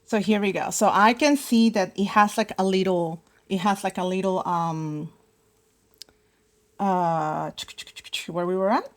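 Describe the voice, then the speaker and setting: A woman's voice: mid-range voice, fairly even intonation, unhurried, pauses often. A young woman teaching an art lesson in a casual, chatty way, thinking aloud as she draws, with many fillers and restarts. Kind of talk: casual live drawing lesson.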